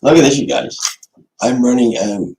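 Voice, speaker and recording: A man's voice: mid-range voice, moderate pace, mellow, a little hiss or hum, poor audio. A man hosting a casual coin giveaway live stream, joking, swearing a lot and breaking into mock-angry outbursts. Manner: profane, joking, bursts of mock anger. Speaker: coin channel host.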